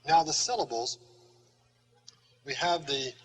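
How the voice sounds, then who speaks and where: Older man teaching, slow and halting. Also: on the high side, slight background noise, rough recording. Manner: slow, patient, halting with many uh fillers. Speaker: Greek teacher. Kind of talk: classroom lecture.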